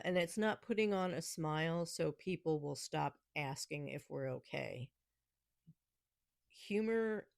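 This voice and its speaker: A woman's voice: low voice, creaky, a little mellow, no echo, studio quality. A woman with a New York accent hosting a casual solo podcast, talking with snarky, sarcastic humor and laughing often. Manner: laughs often between remarks. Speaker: podcast host.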